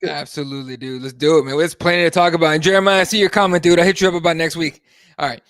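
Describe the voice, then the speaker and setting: A man hosting a podcast in casual chat, blunt and profane and animated as he reads comments. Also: a little high, very fast, clear, resonant tone, no room sound, studio quality. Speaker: podcast host.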